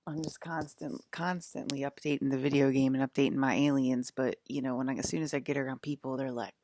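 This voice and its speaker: A woman's voice: rumbling low, fairly even intonation, fast talker, a little mellow, a little hiss or hum. A woman in a loose, rambling monologue. She laughs often and mocks the voices of people she quotes. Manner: loose, rambling, full of restarts.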